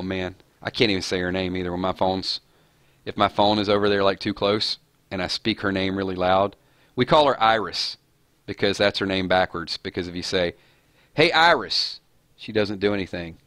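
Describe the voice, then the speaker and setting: A man's voice: sits low, level tone, moderate pace, fairly bright tone, no room sound. A man hosting a casual live-stream chat, rambling and chuckling as he talks. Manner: rambling, chuckling, self-deprecating. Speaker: host.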